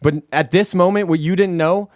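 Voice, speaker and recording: A man's voice: moderate pace, no echo, clean studio sound. A man in his thirties co-hosting a casual podcast, telling a story with lots of swearing and acted-out quotes. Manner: animated storyteller, acts out quotes with pitch jumps and swearing. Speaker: podcast co-host. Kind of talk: casual chat.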